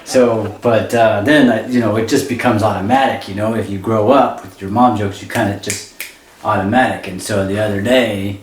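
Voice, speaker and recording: A man doing amateur stand-up comedy, rambling and halting, often laughing at his own jokes. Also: fairly low pitch, fairly even intonation, reverberant, slight background noise.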